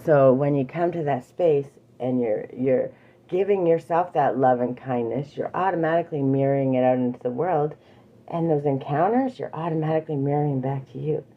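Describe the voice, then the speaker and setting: Woman, spiritual teacher, lowish voice, casual and earthy, lo-fi recording. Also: normal speed. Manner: casual and earthy, repeats phrases, swears lightly. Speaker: teacher of an emotional awareness course. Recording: dull lo-fi sound.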